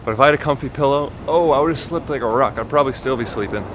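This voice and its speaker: A man's voice: medium pitch, fast talker, noisy background. A young man vlogging casually from a capsule hotel, often dropping to a whisper. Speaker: travel vlogger. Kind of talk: casual vlog narration.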